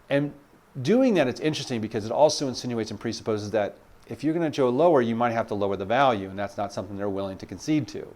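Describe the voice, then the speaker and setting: A male sales coach talks straight to his viewers in a relaxed teaching monologue. His voice sits at an ordinary middle pitch. He slips into quoted client lines and keeps a loose, filler-dotted delivery. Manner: conversational, acts out client dialogues, frequent fillers.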